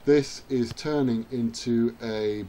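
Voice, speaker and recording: A man's voice: medium pitch, slow, mellow. A man chatting his way through a rugby video game, self-mocking and now and then cheering at the screen. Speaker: gaming channel host. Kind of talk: let's-play commentary.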